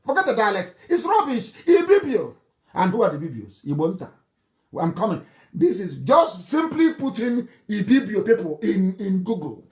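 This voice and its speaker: A man's voice: high voice, huge pitch swings, moderate pace, a little mellow. A middle-aged man with a Nigerian accent giving a fiery live broadcast speech, mocking and scornful, often breaking into laughter. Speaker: political broadcaster.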